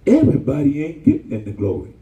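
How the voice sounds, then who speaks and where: Lively, high-pitched man preaching a sermon. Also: fast, echoey room, distant mic, highs cut off. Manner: animated, colloquial, calls out to the congregation.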